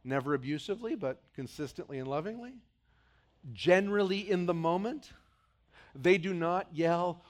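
A middle-aged male pastor preaching a sermon, acting out voices and swinging between loud outbursts and quiet, low passages. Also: normal speed.

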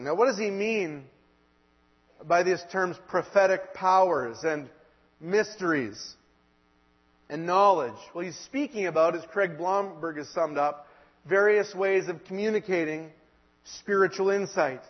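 A male preacher giving an earnest sermon, slowing down and pressing hard when he quotes scripture. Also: fairly high pitch. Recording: dull lo-fi sound in a reverberant hall.

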